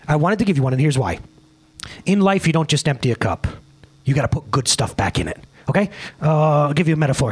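A male pastor preaching a casual sermon, excitable and rambling, often laughing at himself. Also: a little high.

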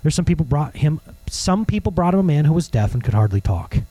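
Male pastor, husky voice, lively swooping pitch, casual preaching with asides, dry close sound. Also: quick pace, no room sound, rough recording. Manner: animated, conversational preaching with jokes and asides. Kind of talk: sermon.

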